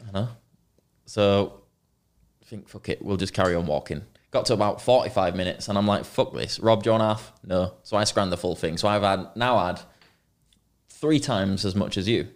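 Low-voiced young man. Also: normal speed. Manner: rambling, swearing, banter. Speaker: podcast co-host. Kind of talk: casual chat, storytelling.

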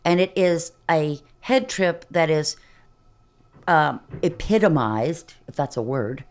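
A middle-aged woman from Texas, a vocal coach chatting in an interview, animated and quick to demonstrate voices and laugh. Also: deep voice. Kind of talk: casual interview chat.

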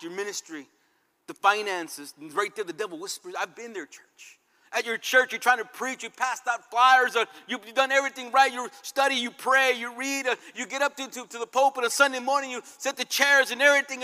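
A man preaching a fervent sermon, swinging between loud calls and quiet passages. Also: very high-pitched, fairly even intonation, a little fast. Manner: fervent, dramatic swings in loudness. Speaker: pastor. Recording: long reverb hall.

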